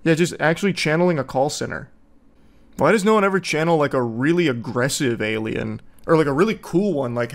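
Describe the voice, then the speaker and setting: A man's voice: mid-range voice, fairly quick. A man in his thirties giving casual, sarcastic reaction commentary, swearing freely and mocking what he watches.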